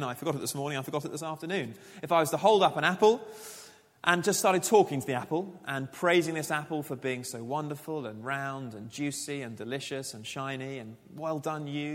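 A man's voice: medium pitch, in a large hall. A man preaching a sermon as pastor, conversational and full of rhetorical questions.

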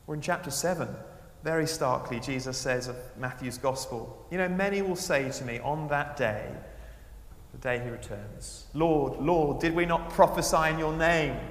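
Expressive male preacher in an echoey hall. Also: fairly high pitch, normal speed. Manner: expressive, swinging between raised emphasis and hushed asides. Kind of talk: sermon.

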